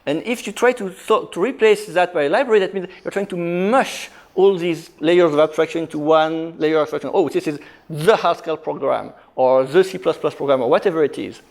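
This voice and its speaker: A man speaking at a conference, a little higher-pitched than most men. He explains technical ideas emphatically and often restarts his sentences as he pushes his point. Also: creaky. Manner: emphatic, quick, frequent restarts. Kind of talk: technical talk.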